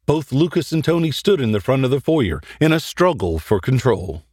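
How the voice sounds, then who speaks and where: Man, horror story host, dramatic reading, lively pitch, dry. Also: normal speed, breathy edge, no room sound. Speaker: host and narrator. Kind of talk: scripted horror story narration.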